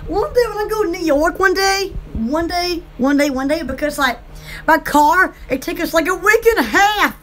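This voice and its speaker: A woman's voice: very high voice, expressive, moderate pace, fairly bright tone, a little hiss or hum. A woman, chatting in a rambling, bubbly way as an online shop host, often breaking into giggles. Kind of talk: casual rambling chat.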